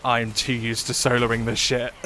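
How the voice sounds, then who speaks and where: A man's voice: mid-range voice, bright, forceful tone, slight background noise. A man chatting casually while live-streaming a game, rambling and swearing freely.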